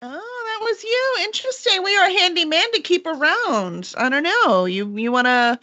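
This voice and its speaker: Lively bright-voiced woman game master. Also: very high-pitched, moderate pace. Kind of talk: narrating and voicing characters in a tabletop game.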